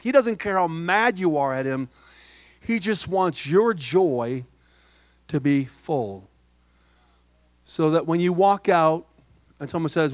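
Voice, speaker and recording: Middle-aged male pastor, light higher voice, soft-spoken sermon storyteller, dry sound. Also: dry recording. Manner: storytelling with humor and quoted dialogue.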